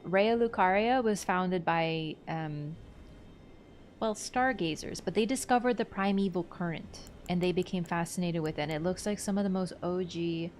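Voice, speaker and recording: A woman's voice: fairly low pitch, darkish tone, a little hiss or hum. A woman streaming a game, talking casually through its lore, thinking aloud and answering her chat. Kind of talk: casual livestream lore commentary.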